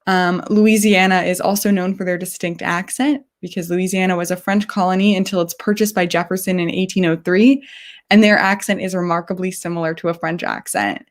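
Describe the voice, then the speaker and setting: Woman from New York, lowish voice, chatty live online presenter. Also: fairly even intonation. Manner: chatty, explanatory, with frequent pauses. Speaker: guest presenter.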